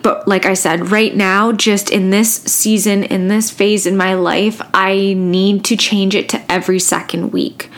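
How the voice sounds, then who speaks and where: Woman, podcast host, casual solo talk, emotional, halting, near tears. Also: mid-range voice. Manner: emotional, halting, rambling with restarts. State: close to tears.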